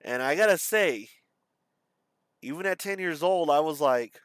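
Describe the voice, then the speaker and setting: A young man talking in a personal confessional monologue, halting and profane, full of fillers and restarts. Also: on the high side, lively intonation, smooth, no room sound. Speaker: vlogger.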